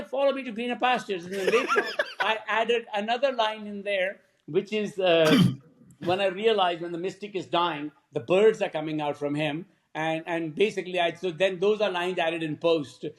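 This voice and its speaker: High-voiced animated man telling stories. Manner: animated storyteller who acts out quoted dialogue; laughs often while talking. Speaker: film director guest. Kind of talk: podcast interview storytelling.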